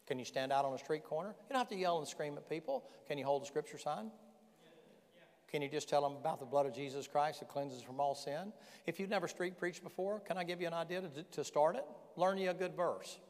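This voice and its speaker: A man preaching a sermon as pastor, folksy and animated, firing rhetorical questions at the congregation. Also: fairly high pitch, brisk. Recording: long reverb in a large hall.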